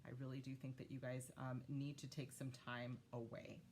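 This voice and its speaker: Woman, low voice, casual tarot reader, chatty, lots of fillers. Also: flat delivery, moderate pace, darkish tone, a little hiss or hum. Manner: chatty, many fillers, talks to spirit guides. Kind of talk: casual tarot reading to viewers.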